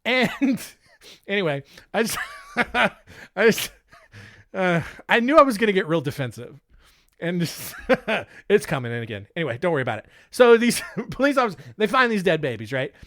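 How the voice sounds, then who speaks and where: A man's voice: high-pitched, sing-song, moderate pace, a bit bright, no echo. A man hosting a comedic storytelling podcast, rambling with joking, defensive asides and frequent laughter, on a close mic. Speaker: podcast host.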